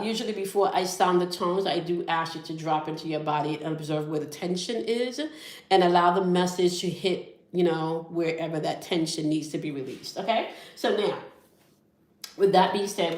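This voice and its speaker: A woman with a somewhat low voice leads a spiritual tarot reading for her viewers. She checks in again and again with "all right?" and "okay?". Her voice rings in an echoey room. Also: noisy background. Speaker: tarot reader and channel host.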